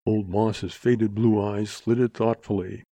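Male audiobook narrator, low mellow voice, dry close recording, steady telling. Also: unhurried, husky, no room sound. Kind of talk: audiobook reading of a western.

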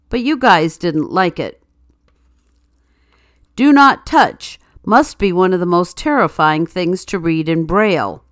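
A woman's voice: fairly low pitch, no room sound. Dry-humored woman reading jokes. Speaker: host reading news items and jokes. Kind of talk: read-aloud segment with news, quotes and jokes.

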